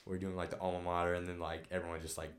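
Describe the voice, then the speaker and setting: A young man with a very low voice tells a story in a loose, relaxed way, saying "like" often. He sounds like he is in an echoey room. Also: racing. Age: young adult. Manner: relaxed, says "like" a lot. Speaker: guest, college basketball player. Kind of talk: casual storytelling.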